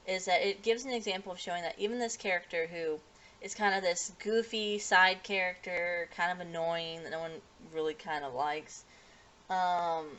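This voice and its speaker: Woman, lowish voice, casual recap, rambling, filler words, self-corrections. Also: a bit bright. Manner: rambling, lots of fillers and restarts; acts out characters' lines in livelier voices. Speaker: anime reviewer.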